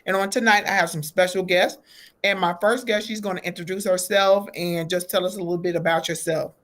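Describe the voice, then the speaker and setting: A woman's voice: on the low side, fairly even intonation, brisk, fairly bright tone. A woman hosting a faith-based talk show, greeting her guests and affirming them with an "amen.".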